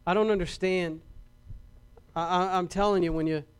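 A man preaching a sermon and telling a story, swinging from loud, rising passages to quiet ones, often repeating words and restarting. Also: sits high, fairly even intonation, normal speed, clear, resonant tone.

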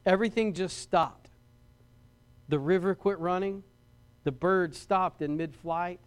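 Man, preacher, high voice, smooth and resonant, loud then hushed storytelling. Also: measured pace. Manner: storytelling preacher, rising loud and falling quiet; repeats words and restarts as he talks. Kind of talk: sermon.

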